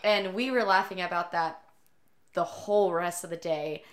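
A woman's voice: on the low side, normal speed. A young woman co-hosting a casual podcast, telling a story and laughing often. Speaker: podcast co-host. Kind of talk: casual chat.

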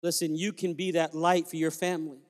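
A man's voice: a little high, level tone, brisk. A male pastor preaching a sermon in a church, telling stories and then fervently urging the congregation to praise. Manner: storytelling, fervent, exhorting. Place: church sanctuary. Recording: reverberant church hall.

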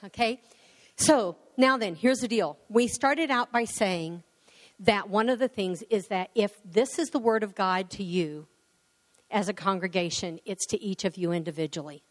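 A woman's voice: medium pitch, normal speed. A woman pastor preaching a sermon and leading prayer, emphatic and conversational. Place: church sanctuary. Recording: long hall reverb.

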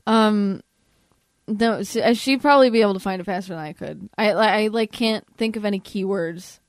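A woman's voice: medium pitch, moderate pace, no echo, clean studio sound. A woman in a casual podcast chat, rambling while trying to recall something.

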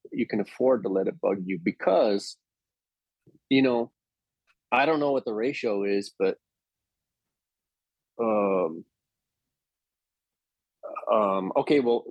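Animated man telling acting anecdotes. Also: lowish voice, slightly rough, no echo, highs cut off. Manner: anecdotal, animated, with frequent restarts. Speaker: actor. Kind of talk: casual interview storytelling.

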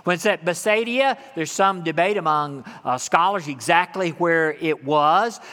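Male pastor, sermon delivery, high bright voice, conversational with call-and-response, long reverb. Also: unhurried. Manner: conversational, warm-humored preaching with call-and-response.

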